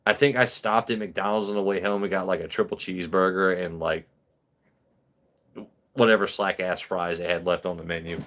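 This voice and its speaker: A man's voice: low voice, moderate pace, muffled recording. Rambling, foul-mouthed man telling stories. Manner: rambling, profane, animated. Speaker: host. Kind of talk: casual livestream storytelling.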